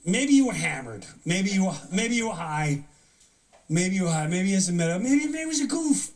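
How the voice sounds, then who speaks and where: Acting out pretend exchanges in a range of voices, a man hosting a live show rants with comic disbelief. His voice sits high with big pitch swings, he talks at normal speed, and he's far from the mic.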